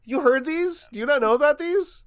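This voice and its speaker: A man's voice: very high-pitched, fairly quick, fairly bright tone, no room sound, clean studio sound. A young man co-hosting a podcast, chatting casually, rambling and laughing as he mock-quotes people. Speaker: podcast co-host. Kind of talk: casual chat.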